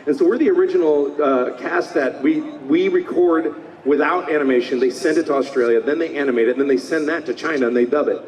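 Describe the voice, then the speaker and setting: A man in his fifties, a voice actor talking at a convention panel, enthusiastic and slipping into quick character voices. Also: on the high side, a little mellow, far from the mic. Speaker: voice actor guest. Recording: roomy hall, mic from afar.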